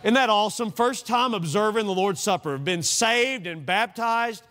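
A male pastor preaching an evening sermon in a church, animated and conversational, asking the congregation questions. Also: high-pitched, normal speed. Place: church sanctuary.

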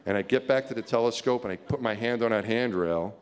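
A middle-aged man telling a story to an audience as a keynote speaker, chuckling and swinging from hushed to excited. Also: lowish voice, fast. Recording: reverberant hall.

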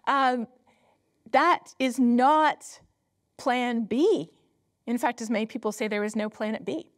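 Animated woman scientist giving a lecture. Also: fairly high pitch, takes it slowly. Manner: animated storyteller, laughs often, emphatic rhetorical questions. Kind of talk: public lecture with anecdotes. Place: lecture hall at a company headquarters.

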